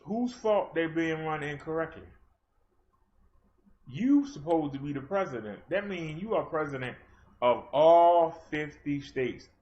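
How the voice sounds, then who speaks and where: On a livestream with dull, lo-fi audio, a male host with a slightly high, animated voice speaks unhurriedly. He rants fiery and confrontational, challenging his chat.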